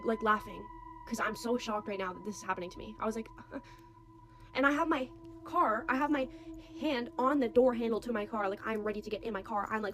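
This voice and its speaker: A woman's voice: a little high, a little hiss or hum. A young woman telling a story casually, full of "like" and acting out what others said. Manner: animated, quotes others' voices, many "like"s.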